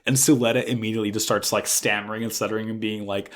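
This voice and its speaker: A man casually recapping an anime episode as podcast co-host, animated and swearing freely. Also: fairly low pitch. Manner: animated, swears freely, acts out characters' lines in quick bursts.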